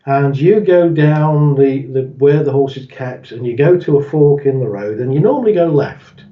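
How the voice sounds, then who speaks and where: A man's voice: medium pitch, expressive, moderate pace, lo-fi sound. Chuckling man, distant roomy sound. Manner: chuckles often, acts out quoted voices in stories. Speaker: interview guest explaining his method. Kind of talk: explanatory interview talk.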